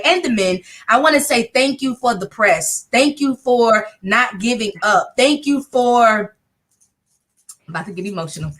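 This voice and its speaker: A woman's voice: on the high side, fairly bright tone. A woman in her thirties hosting a casual chat on a video call, effusive and emotional, with slangy talk. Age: 30s. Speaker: host.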